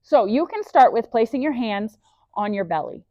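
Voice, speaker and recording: A woman's voice: on the high side, expressive, normal speed, dark tone, no room sound, dull audio. A woman leading a guided breathing lesson, enthusiastic and encouraging, mixing body facts with faith, speaking into a clip-on mic. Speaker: breathwork instructor. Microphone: clip-on microphone.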